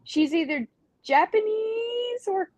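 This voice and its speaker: A woman's voice: extremely high pitch, animated, slow, a little mellow, dry recording. A woman, a band's singer, chatting casually as a guest on a podcast, with many ums and likes.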